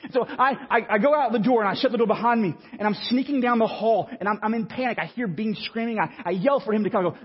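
A man, preaching a sermon and telling a story in an animated, stammering, self-mocking way. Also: high-pitched, quick pace, hardly any pauses, slightly rough. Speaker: pastor. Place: church sanctuary. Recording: muffled sound with long hall reverb.

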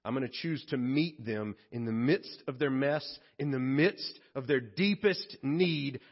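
A man voicing God as a calm, resolute, fatherly figure, speaking low and deliberately in plain words. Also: lo-fi sound.

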